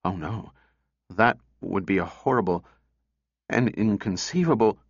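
Man voicing a timid, hoarse robot. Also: unhurried, no echo, lo-fi sound. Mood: pleading. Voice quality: low and hoarse. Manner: hesitant, apologetic, deferential. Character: timid male robot, anxious and eager to please.

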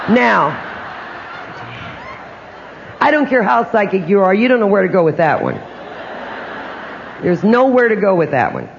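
A man's voice: high voice, very animated, normal speed, vocal fry, long pauses, a little hiss or hum. An older man speaking as a psychic to an audience, telling personal stories and asking them rhetorical questions in a conversational way. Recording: dull lo-fi recording in a reverberant hall.

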